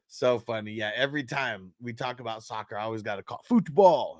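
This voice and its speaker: A man chatting casually on a fantasy football live stream, his voice sitting at an ordinary middle pitch. He laughs often and swears freely, animated and loose. The sound is dry, with almost no room in it. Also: slow, pauses often, no echo.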